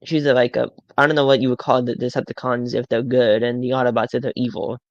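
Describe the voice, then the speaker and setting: A man's voice: medium pitch, level tone, quick pace, no echo, highs cut off. A man chatting casually on a live stream as a toy collector, rambling and often stammering over his words.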